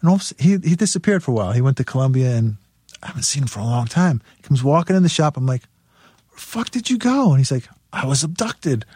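Male guest, mid pitch, dry close sound, swears and laughs through his stories. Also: very fast, dry recording. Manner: profane, laughing, animated storyteller. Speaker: guest musician. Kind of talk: casual storytelling interview.

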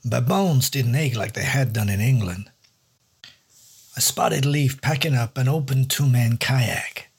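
A man's voice: medium pitch, a little slow, creaky, breathy edge. A man narrating a hard-boiled noir story in a dry, wry first-person detective voice. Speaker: storyteller and host.

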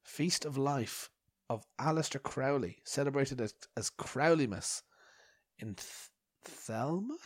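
A man's voice: medium pitch, expressive, slow, breathy edge, no echo. A man hosting a podcast, rambling and swearing with mock outrage and a bad cough. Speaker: podcast host. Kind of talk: rambling solo podcast chat.

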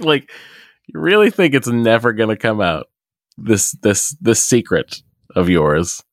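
A man's voice: on the low side, animated, a little slow, no room sound, studio quality. A man co-hosting a casual podcast, teasing and joking, laughing at his own jokes. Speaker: podcast co-host. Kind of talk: casual chat.

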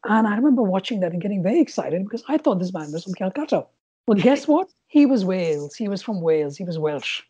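A middle-aged woman from India with a Bengali-influenced English accent, telling stories as a podcast guest in an animated way, laughing at times. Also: medium pitch, quick pace, slightly rough, lo-fi sound. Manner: animated, laughing, with frequent restarts. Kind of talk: reflective storytelling.

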